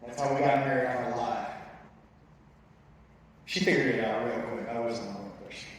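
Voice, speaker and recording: A man gives a heartfelt church testimony, speaking earnestly and sometimes haltingly as he recounts his story. His voice sits in the middle range and rings through a large, very echoey hall with a long reverb tail. He sounds set well back from the microphone, with faint ambient noise under him. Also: medium pitch, recorded from a distance. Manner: earnest, emotional, halting delivery.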